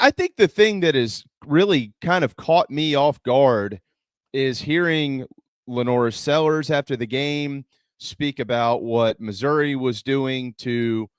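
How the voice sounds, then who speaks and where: A man's voice: medium pitch, dry recording, studio quality. Earnest man hosting sports talk. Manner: earnest, stumbling over his words.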